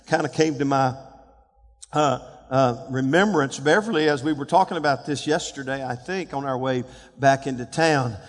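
A man in his sixties preaching a sermon as pastor, building to shouted calls and leading call-and-response with the congregation. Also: mid-range voice, normal speed, big-room sound. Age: 60s. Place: church sanctuary.

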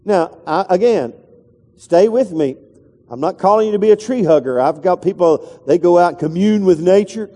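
A man's voice: high-pitched, animated, normal speed, dark tone, in a large hall. A male pastor preaching a sermon in a loose, conversational way, with restarts and asides to the congregation.

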